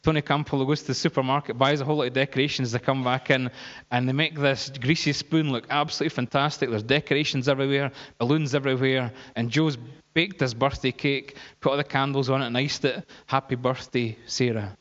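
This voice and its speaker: A man preaching, telling a story in a lively, anecdotal way with laughs and fillers. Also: medium pitch, fast talker. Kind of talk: sermon storytelling. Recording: dull, echoey hall.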